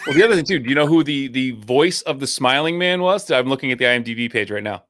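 A man's voice: mid-range voice, lively intonation, fast, a bit bright, a little hiss or hum. Blunt, sarcastic man co-hosting a podcast. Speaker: podcast co-host. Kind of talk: casual movie review chat.

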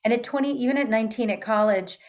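A woman's voice: on the high side, quick pace. Chatty woman in her fifties telling a story. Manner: animated, chatty, fillers. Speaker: guest. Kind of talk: storytelling in conversation.

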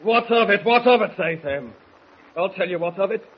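An actor playing a rough sailor leading a mutiny, with gruff, bullying commands in a 1940s radio drama, on a noisy lo-fi old transcription. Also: male voice, high-pitched, animated, moderate pace. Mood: scheming. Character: menacing Cockney mutineer ringleader, rough sailor.

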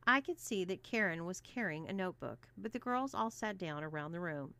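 A woman narrating a first-person story in an even, steady reading voice. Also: on the low side, fairly quick.

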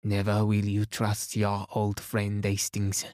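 Male narrator doing a precise, self-satisfied older sleuth, slightly low, French asides. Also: little pitch movement, slow, darkish tone, no room sound, studio quality. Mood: mildly reproving. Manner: mildly reproving, polite, sprinkles French words. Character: fussy, self-assured older male detective.

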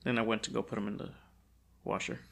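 A man's voice: fairly low pitch, level tone, quick pace, gravelly. A young man co-hosting a podcast in casual chat, slangy and laughing as he tells stories. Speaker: podcast co-host.

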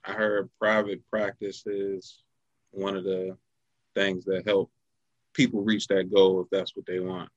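A man hosting a casual podcast chat, chiming in with brief, low-key remarks. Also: flat delivery, unhurried. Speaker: podcast host. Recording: dull, lo-fi sound.

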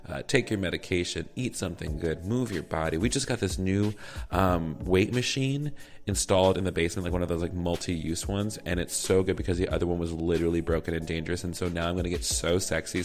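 Man, southern us accent, podcast host, campy, chatty, very low voice. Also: fairly quick. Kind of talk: casual podcast chat.

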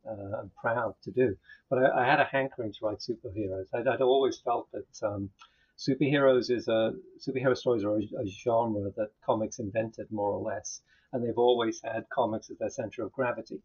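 A man answering interview questions in a measured, thoughtful way, with some hesitation. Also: fairly low pitch, darkish tone, husky, dull audio. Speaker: comic book writer guest.

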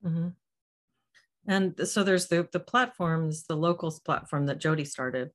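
A woman's voice: sits low, measured pace. A woman hosting a casual group live stream over a video call, friendly and rephrasing her questions as she goes. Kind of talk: casual group chat moderating.

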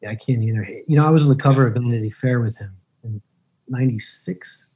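A man in his fifties, an actor guest on a podcast, telling relaxed, rambling stories and laughing easily. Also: mid-range voice, fast, husky, rough recording. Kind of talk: casual podcast interview.

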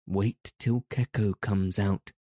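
A man reading aloud voices a stubborn pirate who growls out his refusals. The voice is deep and slow, with a mellow, dark tone. The room sounds dry. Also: steady tone, no room sound. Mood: defiant. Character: dogged male pirate, growling. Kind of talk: audiobook reading.

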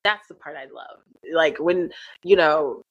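This middle-aged acting and accent teacher has a low, gravelly, slightly rough voice and a measured pace. Animated and quick to laugh, she tells stories in casual conversation and slips into quoted voices. The recording is muffled, without echo.

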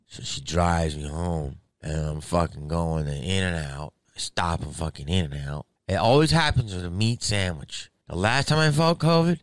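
Male comedian, very low voice, sick with covid, rambling profane storytelling. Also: normal speed, dry recording. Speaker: stand-up comedian. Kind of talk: casual storytelling monologue.

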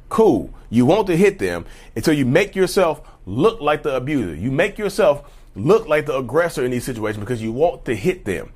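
A man's voice: a little high, big pitch swings, brisk, a little mellow. Man giving colloquial advice to viewers. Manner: colloquial, repetitive, addresses viewers as y'all. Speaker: channel host. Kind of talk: casual advice vlog.

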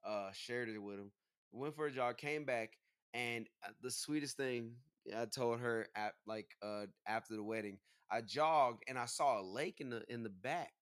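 A man's voice: mid-range voice, moderate pace, clean tone. A man co-hosting a casual chat who tells stories animatedly, acting out what people said. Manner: animated storyteller, acts out dialogue. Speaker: podcast co-host, groom.

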